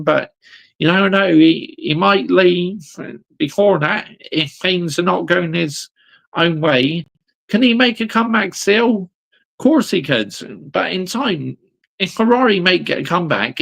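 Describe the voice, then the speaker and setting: Young British male streamer, gravelly voice with big swings in pitch, repetitive ranting at his viewers. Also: a bit bright. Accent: British English. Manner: ranting, repetitive, addresses viewers as people and mate. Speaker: livestream host. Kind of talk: fan rant on a livestream.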